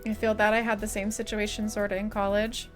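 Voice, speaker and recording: A woman's voice: mid-range voice, flat delivery, brisk, faint music behind. A young woman streamer chatting casually with her live chat, swearing and laughing often, her voice starting to give out. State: losing her voice.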